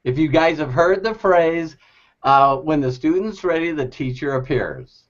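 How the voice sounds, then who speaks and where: A man giving a lively, laughing motivational talk to a group, acting out quoted voices. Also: a little high, unhurried. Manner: animated, laughing often, acts out quoted voices. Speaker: motivational speaker. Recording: dull lo-fi recording.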